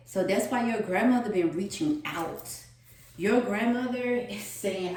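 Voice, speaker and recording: A woman giving a spiritual tarot reading, with a slow, repetitive, earnest delivery. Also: medium pitch, lively intonation. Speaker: tarot reader. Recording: echoey room, distant mic.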